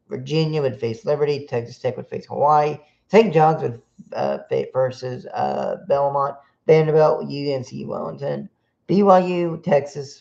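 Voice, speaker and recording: A man's voice: medium pitch, creaky, darkish tone. A man hosting a solo sports podcast stream, reading off team matchups with frequent fillers and restarts. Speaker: podcast host. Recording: dull lo-fi sound.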